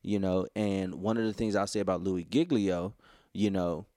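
A man's voice: low-pitched, moderate pace, warm tone, no room sound, studio quality. A man co-hosting a podcast, talking casually and rambling with lots of "you know" fillers. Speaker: podcast co-host. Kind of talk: casual conversation.

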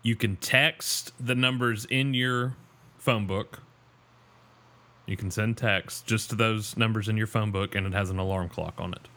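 A man's voice: fairly low pitch, fairly even intonation, unhurried, fairly bright tone. A man co-hosting a podcast over a call, joking and teasing in loose casual chat. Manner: joking, playful. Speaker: podcast co-host. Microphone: remote call.

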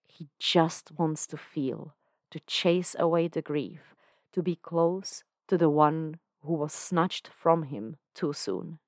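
A woman with a low voice reads fan fiction aloud for a podcast at an unhurried pace. Her narration is calm and measured. The recording is dry and close, with no room around it. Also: no echo. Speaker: podcast fanfiction reader.

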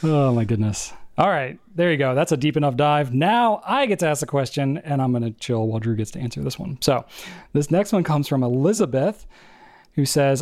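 A man co-hosting a casual podcast, explaining at length in an animated, rambling way. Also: medium pitch, a little fast. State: out of breath. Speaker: podcast co-host.

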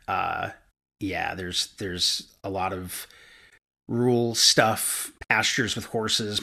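A man's voice: lowish voice, gravelly, pushed and bright. A man in his forties from upstate New York, a podcast guest chatting casually and rambling with fillers and restarts. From upstate New York, USA.

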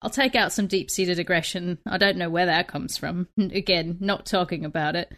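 A woman's voice: lowish voice, normal speed, fairly bright tone. A young woman playing a tabletop game, narrating her moves in a rambling, self-deprecating way with apologetic asides. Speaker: player. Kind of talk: tabletop role-play, casual chat.

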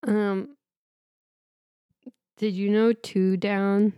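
A woman's voice: medium pitch, little pitch movement, extremely slow, smooth, dry recording, lo-fi sound. A woman co-hosting a casual chat about crossword puzzles, teasing and giggling through her sentences. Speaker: podcast co-host.

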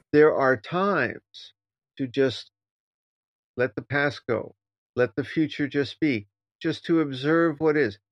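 A man who teaches Zen, co-hosting a casual podcast discussion and talking in an animated, playfully teasing way. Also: sits high, dry recording. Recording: dull, dry lo-fi sound.

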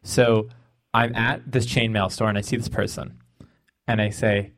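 A man's voice: lowish voice, flat delivery, unhurried, fairly bright tone. A man playing a tabletop game, casual and a little hesitant. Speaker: player.

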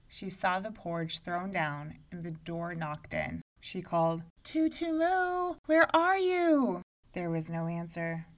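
A woman narrating a storybook aloud in an expressive, measured way. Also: on the low side, recorded from a distance.

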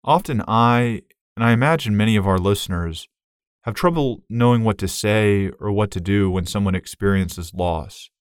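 A man's voice: on the low side, normal speed, clear, resonant tone, no echo, studio quality. A man hosting an interview, asking thoughtful, earnest questions. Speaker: interview host.

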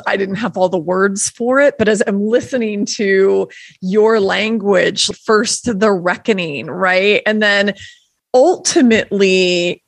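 A middle-aged woman speaking as a podcast guest, telling her story in an expressive, reflective way. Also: medium pitch, dry recording. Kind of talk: conversational interview.

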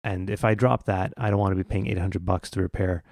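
A man's voice: sits low, steady tone, brisk, creaky, a little mellow, no room sound, studio quality. A man co-hosting a podcast, chatting casually about gadgets with frequent ums and restarts. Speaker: podcast co-host. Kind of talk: casual tech chat.

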